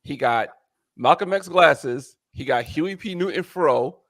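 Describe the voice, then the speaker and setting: A man co-hosting a casual chat, telling stories in an expressive, slangy way. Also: a little high, measured pace, no room sound, clean studio sound.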